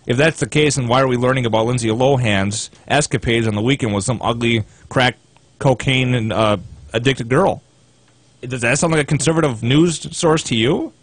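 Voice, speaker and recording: A man's voice: mid-range voice, moderate pace, dry recording. Sarcastic man reading articles aloud. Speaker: co-host.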